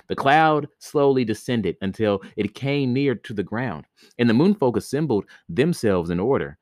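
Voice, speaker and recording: A podcast host reads an old myth aloud, now and then stumbling over words and breaking off to laugh and joke about it. His mid-range voice is expressive and darkish at a moderate pace, in a dry, studio-quality recording.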